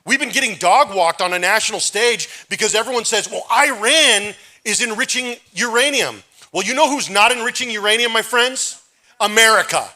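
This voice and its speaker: A man giving a loud, urgent, rapid-fire campaign speech at a live forum in a church before an audience. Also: high-pitched. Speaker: governor candidate.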